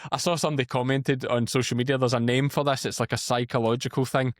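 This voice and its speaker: A man in his thirties with a Scottish accent, a podcast guest telling lively, blunt stories in casual chat. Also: mid-range voice, fast talker, dry recording, studio quality. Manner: storytelling, animated and blunt. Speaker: podcast guest, farmer and former police officer.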